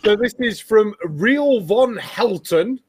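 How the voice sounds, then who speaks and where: Man, host, fairly high voice, mocking, swears a lot, casual chat. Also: lively intonation, slow pace, husky. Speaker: show host. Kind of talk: casual group chat reacting to videos.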